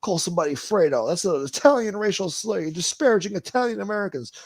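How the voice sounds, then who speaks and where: A man doing a mocking impression of a hot-headed male TV anchor, with a shouting, threatening manner. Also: lively intonation, fast, creaky, full character voice. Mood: indignant. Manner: shouting, high-pitched, threatening.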